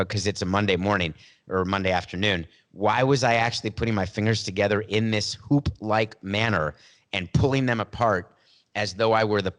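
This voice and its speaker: A man's voice: lowish voice, fairly bright tone. A man hosting a sports talk podcast, delivering a sarcastic, playful monologue with theatrical emphasis and asides, into a studio mic. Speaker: podcast host.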